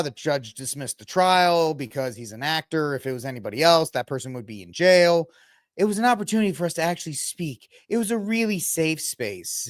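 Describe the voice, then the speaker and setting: A man's voice: fairly high pitch, dry recording, studio quality. A man hosting a casual commentary podcast, sarcastic and mocking, often putting on voices to quote people. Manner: sarcastic, animated, mocking voices when quoting. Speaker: podcast host.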